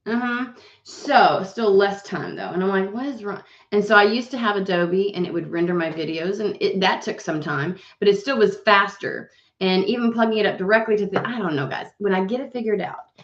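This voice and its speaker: Here a woman with a mid-range voice chats briskly on her casual at-home tarot live stream. She rambles and curses freely into the webcam, and the recording has a roomy, slightly dull quality.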